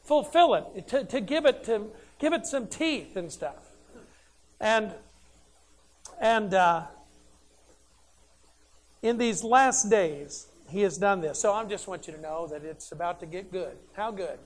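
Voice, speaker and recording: A man's voice: high voice, animated, slow pace, long pauses, a little hiss or hum. Emphatic male preacher posing rhetorical questions. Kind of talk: sermon.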